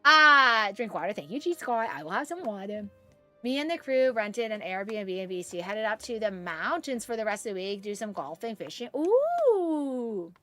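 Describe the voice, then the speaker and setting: A woman streaming a game, chatting casually and excitedly while reading chat aloud. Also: a little high, normal speed, soft background music.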